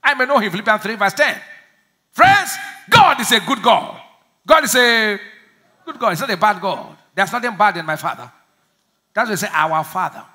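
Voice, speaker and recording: A male pastor delivers a lively sermon in a high, ringing voice. He laughs through his points, calls on the congregation to answer back and mimics timid prayers in small voices. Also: normal speed. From Nigeria. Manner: laughing, call-and-response preaching.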